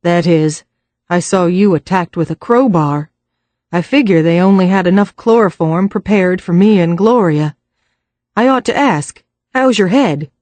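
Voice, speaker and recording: A woman's voice: fairly low pitch, measured pace, a little mellow, dry recording, close to an everyday voice. A woman reading the part of a worried middle-aged American businessman, weary and blunt, in an American accent.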